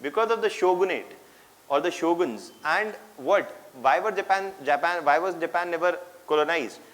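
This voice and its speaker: A man's voice: fairly high pitch, normal speed, a bit bright, rough recording. A man with an Indian English accent giving a history lecture, slipping in Hindi phrases and asking his class rhetorical questions that he answers himself.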